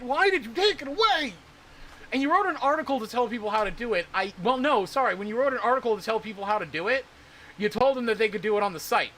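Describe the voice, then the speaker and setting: A man's voice: high-pitched, sharp tone, a little hiss or hum. A man streaming casually about crypto, rambling and swearing in exasperation. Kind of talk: casual livestream talk.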